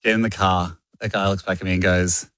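Australian man telling a lively anecdote. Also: low voice, fairly quick, clean tone, dry recording. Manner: animated storyteller, acts out dialogue. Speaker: radio show co-host. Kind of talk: casual banter, telling an anecdote.

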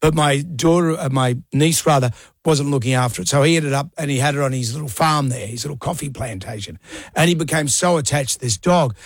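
A middle-aged man co-hosts a radio show, jokey and supportive as he tells his stories. His voice sits a little high for a man. The studio sound is close and dry. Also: brisk, no echo. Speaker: radio co-host. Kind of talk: casual radio chat.

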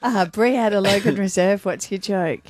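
A woman's voice: medium pitch, normal speed, a little mellow, no room sound. A woman co-hosting breakfast radio, teasing and laughing often. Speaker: radio co-host.

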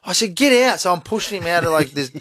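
A man's voice: fast, no echo. A man, co-hosting a casual radio chat and acting out what was said. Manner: expressive, acts out quotes with big pitch swings. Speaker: radio host.

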